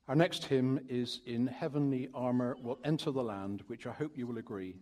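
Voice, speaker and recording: A man from Cornwall speaking at a church service, gently and earnestly introducing a reading and closing with a hymn. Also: medium pitch, moderate pace. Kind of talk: sermon-style reading and talk. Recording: long reverb of a large hall.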